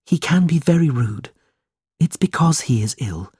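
Man voicing a gentle young woman. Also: fairly high pitch, lively intonation, moderate pace, slightly rough, no echo, clean studio sound, pitched above the performer's own voice. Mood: apologetic. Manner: soft, pleading.

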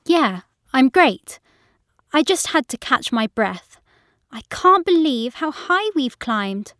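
A cheerful young woman, voiced by an actress in a recorded listening test. Her voice is on the high side and she speaks slowly. The sound is dry and close. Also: expressive, fairly bright tone, no echo. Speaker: dialogue actor in a listening exam. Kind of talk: scripted dialogue reading.

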